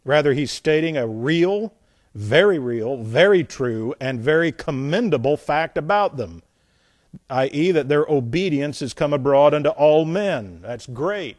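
A man teaching a Bible lesson as a pastor, emphatic, repeating phrases and swinging between loud points and quiet asides. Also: fairly high pitch, expressive, measured pace, dry recording, studio quality.

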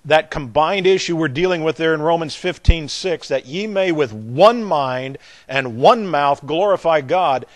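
A man's voice: on the high side, expressive. An older man with a Southern American accent preaching a sermon, leaning hard on key words and repeating them as he builds his point. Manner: emphatic, drawn-out delivery that swells in loudness on key words.

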